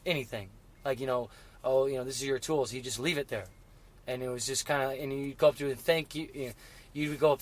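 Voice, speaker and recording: A middle-aged man speaks in an ordinary mid-range voice, talking casually and haltingly. He restarts his sentences often and leans on fillers. His voice grows emotional as he recalls hard moments. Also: medium pitch, steady tone. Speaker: guest. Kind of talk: casual interview chat.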